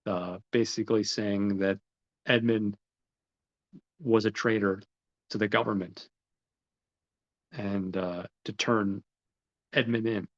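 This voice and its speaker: A man casually recaps a story, rambling from scene to scene and quoting each character with "he's like." His voice sits low. The recording is muffled and lo-fi. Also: steady tone, slow pace, long pauses. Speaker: podcast host. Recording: dull lo-fi recording.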